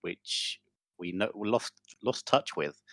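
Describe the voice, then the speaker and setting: A man's voice: on the low side, expressive, slow pace, gravelly, fairly bright tone. A man co-hosting a podcast, trading teasing, dry banter in casual chat. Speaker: podcast co-host.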